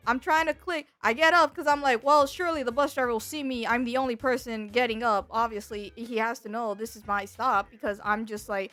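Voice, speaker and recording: A woman VTuber tells a casual storytime in a high, bright voice. She is animated and exaggerated, acting out the people in her tale. The sound is dry and close, with faint music underneath. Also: fairly quick, few pauses, no echo. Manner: animated, exaggerated telling with acted-out quotes. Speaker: VTuber streamer.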